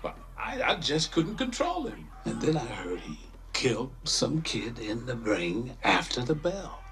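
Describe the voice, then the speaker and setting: A somber old-school wrestling trainer. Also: male voice, medium pitch, huge pitch swings, measured pace, fairly bright tone, exaggerated voice. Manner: somber, reflective. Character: weary male wrestling trainer.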